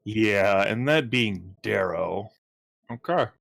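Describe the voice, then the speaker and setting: Man, tabletop player, gravelly, low, dry sarcasm. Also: lively intonation, slow pace, a bit bright, dry recording. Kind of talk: casual tabletop play.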